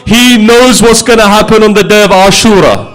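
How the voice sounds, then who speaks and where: Guy with a pretty high voice giving a sad sermon, tells it like a story, keeps asking the crowd questions. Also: moderate pace, a bit bright. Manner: emotive storytelling with rhetorical questions. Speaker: religious speaker. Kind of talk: mourning sermon.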